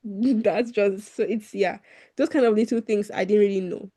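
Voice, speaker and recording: Chatty woman, quick to laugh. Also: mid-range voice, warm tone, husky. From Nigeria. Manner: chatty, laughs often, acts out quotes. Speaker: guest. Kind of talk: casual conversation.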